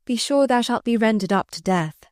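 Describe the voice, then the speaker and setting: A woman's voice: a little high, animated, normal speed, dry recording, clean studio sound, voice pushed up, lightly acted. A woman reading the part of a proud young woman who speaks derisively and imperiously in archaic speech. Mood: scornful. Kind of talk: audiobook character reading.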